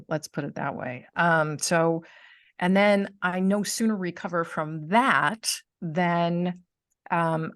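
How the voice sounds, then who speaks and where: Middle-aged woman podcast host on a video call, lower-pitched, animated storyteller who acts out quotes. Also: no room sound. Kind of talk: casual chat.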